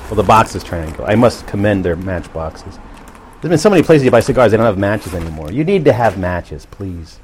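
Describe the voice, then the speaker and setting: A man hosting a podcast, talking to himself in a relaxed, chatty, self-amused way. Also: lowish voice, a little hiss or hum. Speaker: podcast host. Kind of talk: casual rambling monologue.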